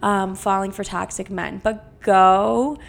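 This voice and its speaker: Brash, profane young woman with vocal fry. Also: mid-range voice, takes it slowly. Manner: brash, heavily profane, chatty and animated. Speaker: podcast host. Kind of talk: casual solo podcast chat.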